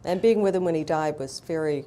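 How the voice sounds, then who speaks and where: A woman's voice: deep voice, a little fast, warm tone. Blunt, wry woman telling stories. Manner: blunt, wry, self-mocking humor. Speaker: author and interview guest. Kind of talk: candid storytelling in a live interview.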